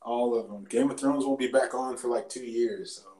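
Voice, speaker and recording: A man's voice: medium pitch, fairly even intonation, moderate pace, dark tone, rough recording. A man co-hosting a wrestling podcast, talking in a laid-back, slangy way with frequent laughs. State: sore after the gym. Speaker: podcast co-host. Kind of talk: casual chat.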